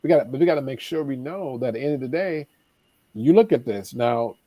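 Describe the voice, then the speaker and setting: A man's voice: mid-range voice, animated, fairly quick, mellow, no echo. A man, a life coach, telling stories with emphatic repetition and acted-out dialogue in a preacherly manner. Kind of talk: animated storytelling advice.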